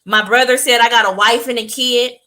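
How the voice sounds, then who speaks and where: Female co-host, bright slightly high voice, emphatic casual storyteller. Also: fairly even intonation, brisk, low-quality recording. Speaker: podcast co-host. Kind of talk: casual chat.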